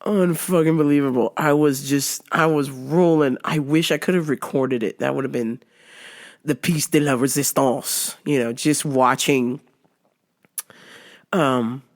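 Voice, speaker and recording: A woman's voice: rumbling low, unhurried. A woman hosting a podcast, telling a funny story in casual chat, laughing constantly and swearing freely. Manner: laughs constantly, profane, animated. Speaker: podcast host.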